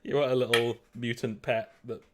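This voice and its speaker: A man's voice: mid-range voice, level tone, moderate pace, noisy background. A man running a tabletop role-playing session over voice chat. His voice sits in a middle range, and he is upbeat and chatty, laughing easily between questions. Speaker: game master.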